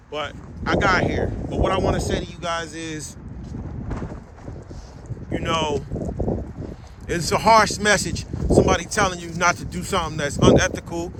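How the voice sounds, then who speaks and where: A middle-aged man, a dog breeder, giving blunt, slangy, preachy advice in an outdoor vlog rant. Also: high voice. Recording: loud wind and boat noise.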